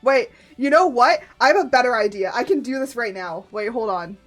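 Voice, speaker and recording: A woman streaming live in casual chat, giggling often and muttering to herself as she clicks through software. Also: on the high side, animated, brisk, soft background music.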